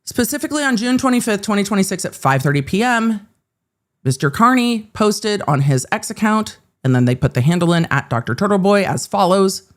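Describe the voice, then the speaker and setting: A woman's voice: mid-range voice, lively intonation, a little fast. A woman hosting a live-streamed legal commentary show, reading court filings aloud and breaking in with sarcastic, exasperated asides.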